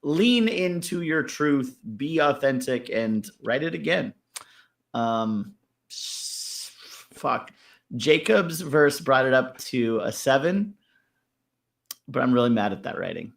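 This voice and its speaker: A man's voice: mid-range voice, expressive, slow pace, vocal fry, fairly bright tone. A man giving blunt, swearing feedback on a rap verse in casual review chat. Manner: blunt, swears, laughs while critiquing. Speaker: music critique panelist.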